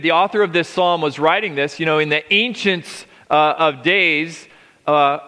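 A man's voice: high-pitched, pushed and bright. A middle-aged man preaching a sermon, emphatic, stretching key words and restarting phrases. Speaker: pastor. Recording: long reverb of a large hall.

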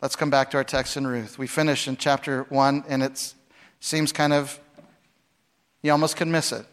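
A man preaching a sermon, with dramatic swings between loud, acted-out lines and hushed, quiet passages. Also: mid-range voice, level tone, normal speed. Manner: dramatic, acts out voices with big swings from shouting to hushed. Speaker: pastor.

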